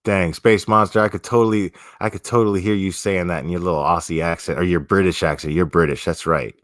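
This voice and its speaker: A man's voice: low voice, steady tone, fast talker, a bit bright, no room sound, studio quality. A man hosting a livestream, chatting casually with viewers in a profane, slangy, laid-back way. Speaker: livestream host.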